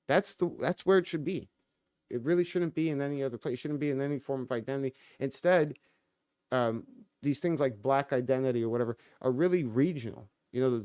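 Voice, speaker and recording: A man's voice: mid-range voice, dark tone, no room sound, studio quality. A man in his thirties hosting a live stream, talking casually in loose, profane rambles with many fillers and restarts.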